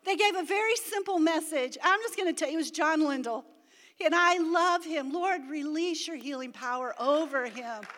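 A middle-aged woman preaches to a church with a very high, bright voice. Her testimony is animated, swinging up to shouts. The sound carries long reverb from a big church hall. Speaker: pastor's wife preaching. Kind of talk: sermon.

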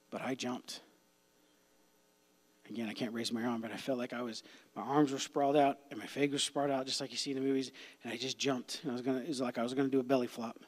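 A man preaching a youth sermon as a pastor, impassioned, swinging between hushed whispers and loud cries. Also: medium pitch, fairly even intonation, brisk. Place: church sanctuary. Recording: long hall reverb.

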